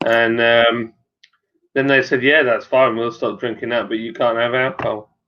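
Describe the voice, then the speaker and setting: A mid-pitched man from Sussex chats in an easygoing, joking way. His voice comes through a somewhat dull, lo-fi video call line. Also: moderate pace. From Sussex, England. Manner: relaxed, joking. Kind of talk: casual beer chat.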